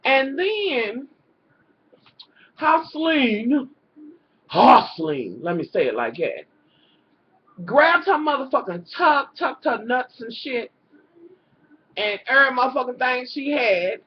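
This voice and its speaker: Her voice is high and slow, pausing often, over a little hiss or hum in a dull lo-fi home recording. She's recapping a reality show in an animated, exasperated rant, cursing constantly and speaking to viewers as "y'all."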